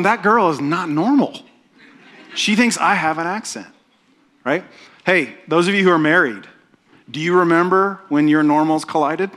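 A middle-aged pastor from Oklahoma, USA preaches a sermon in a conversational, self-deprecating style, often checking in with "right?". His voice sits high and sounds pushed and bright.

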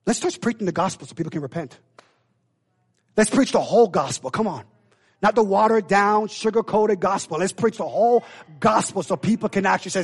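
A man preaching a sermon to a church, lively and dramatic, acting out the voices of the figures in his story and rising at times to a shout. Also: high-pitched, moderate pace, long pauses. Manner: animated, acts out biblical voices, builds to shouts. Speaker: pastor.

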